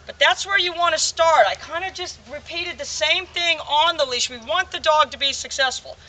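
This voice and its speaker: Male dog trainer, casual how-to delivery, very bright tone, faint background noise outdoors. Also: extremely high pitch, normal speed. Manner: talks straight to viewers, repeats reminders. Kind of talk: casual training instruction to camera. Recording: voice somewhat far from the mic.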